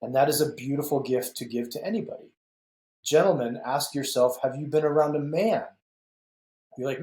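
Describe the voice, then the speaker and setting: A man's voice: mid-range voice, moderate pace, darkish tone. A man in his fifties with a mid-range voice, recorded in a roomy space that echoes. He tells stories earnestly and addresses the men listening directly, in reflective interview talk. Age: 50s. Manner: earnest, storytelling, speaks directly to male listeners. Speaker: guest author and men's coach. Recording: echoey room.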